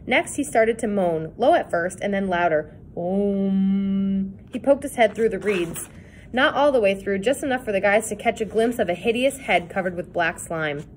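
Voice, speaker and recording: A woman's voice: mid-range voice, expressive, normal speed, a little hiss or hum. Woman reading a children's story aloud. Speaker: reader. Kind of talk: read-aloud storybook narration.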